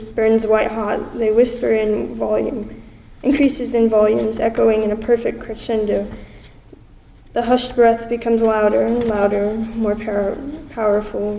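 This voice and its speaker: A woman's voice: a little high, gravelly, dark tone, a little hiss or hum. A young woman reading a spoken-word poem in an intense, dramatic way. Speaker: student poet. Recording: distant mic in a reverberant hall.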